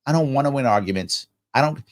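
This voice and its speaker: A middle-aged man hosting a live ask-me-anything stream, answering viewer comments in an animated, preachy way and acting out little imagined dialogues. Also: medium pitch, quick pace. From New York. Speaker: livestream Q&A host.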